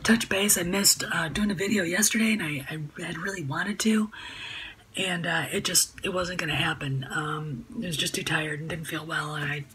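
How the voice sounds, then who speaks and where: A woman's voice: on the low side, normal speed, fairly bright tone, slight background noise, low-quality recording. A woman talking to camera at home in a casual vlog, rambling and indignant, with many fillers and restarts. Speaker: YouTube vlogger. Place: home room by a sunny window.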